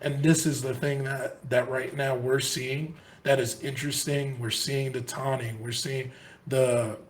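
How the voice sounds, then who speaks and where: A man co-hosting a sports podcast, talking casually in long, earnest, rambling stretches full of restarts. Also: mid-range voice. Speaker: podcast co-host.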